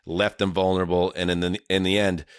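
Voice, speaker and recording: A man's voice: low voice, fairly quick, clear, resonant tone, no echo, clean studio sound. A man hosting a sports podcast, chatting casually and jokily with many fillers. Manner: relaxed, many fillers, jokey. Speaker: podcast host.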